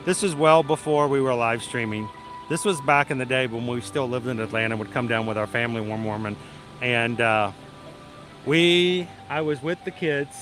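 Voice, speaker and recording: A middle-aged livestream vlogger at a theme park tells a story casually, chatty and self-deprecating and laughing often. His mid-range voice moves briskly, and music plays loudly behind him.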